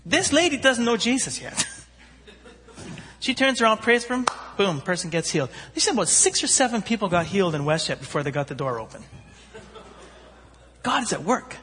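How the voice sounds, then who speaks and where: A man preaching, telling a story with animated voices for its characters. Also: high voice, fairly quick, pauses often. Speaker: pastor. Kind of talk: sermon storytelling. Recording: long hall reverb.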